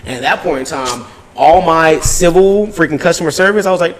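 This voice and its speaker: A male podcast host telling a story in casual, animated talk, swearing freely and acting out the dialogue. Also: a little high, fast, slight background noise. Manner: animated, profane, acts out dialogue.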